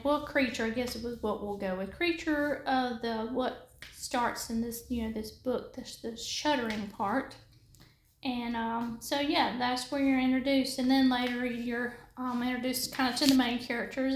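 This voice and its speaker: Woman vlogger, fairly high voice, chatty and rambling, echoey room with faint hiss. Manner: rambling, many fillers and restarts. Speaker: craft and book vlogger. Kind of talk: casual chat while crafting.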